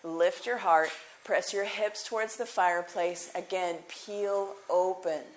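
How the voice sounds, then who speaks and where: A woman yoga teacher giving calm, encouraging cues during a live class in a yoga studio. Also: lowish voice, slow pace, a little hiss or hum.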